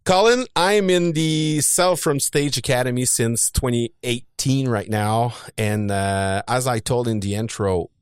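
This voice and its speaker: A podcast host with a Quebec French accent speaks in a fairly low voice, upbeat and eager, laughing easily with his guest. The sound is dry and close, with no room around it. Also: clear, resonant tone, no room sound. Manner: enthusiastic, quick, with friendly laughs. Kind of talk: casual interview chat.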